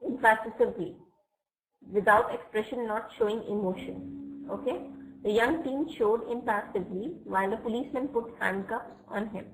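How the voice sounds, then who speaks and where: A woman's voice: a little high, low-quality recording. Patient woman teaching words online. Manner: patient, explains words slowly and checks "okay?" often. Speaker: English vocabulary teacher. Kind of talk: live online class.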